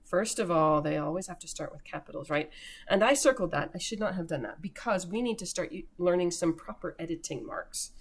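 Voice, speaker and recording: A woman teacher giving a recorded remote lesson to young children, slowly sounding out words for early readers. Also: on the low side, animated, husky.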